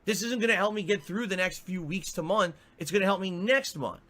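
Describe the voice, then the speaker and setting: A man's voice: sits high, a little fast, fairly bright tone. A male streamer in an angry, profane rant, exasperated and repeating himself.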